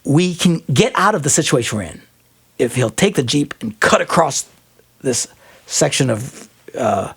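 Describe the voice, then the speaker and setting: A man hosting an advice talk show, telling a comic story in an animated way and laughing often mid-sentence. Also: medium pitch, a little slow, husky. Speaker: radio show host. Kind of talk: comedic relationship advice talk.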